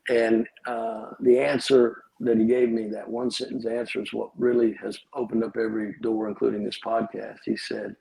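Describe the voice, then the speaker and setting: A man's voice: on the low side, flat delivery, normal speed, creaky, few pauses, dark tone, husky, rough recording. A middle-aged pastor, telling his life story as a podcast guest with humorous, wry asides.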